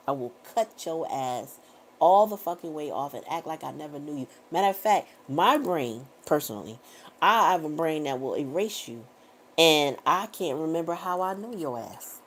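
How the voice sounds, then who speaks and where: Middle-aged woman tarot reader with a low voice, blunt and profane, talks in a casual motivational way. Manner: emphatic, repetitive affirmations.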